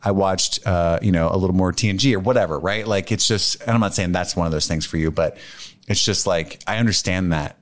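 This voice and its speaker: A man hosting a podcast in casual chat, talking in an animated, rambling way and laughing often. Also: low voice, a little fast. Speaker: podcast host.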